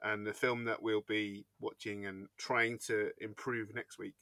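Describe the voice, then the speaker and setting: A man's voice: on the low side, flat delivery, measured pace, pushed and bright, dry recording. A man co-hosting a podcast, chatting casually with wry, teasing remarks. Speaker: podcast co-host. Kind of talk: casual chat.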